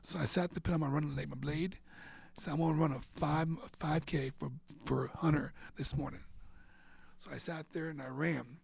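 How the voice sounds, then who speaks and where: This interview guest, a middle-aged man from central Florida, relates an emotional story in rambling fashion, with frequent "and all of a sudden"s and moments close to a whisper. He talks at a moderate pace in a fairly high, steady voice that has vocal fry and a slightly rough texture.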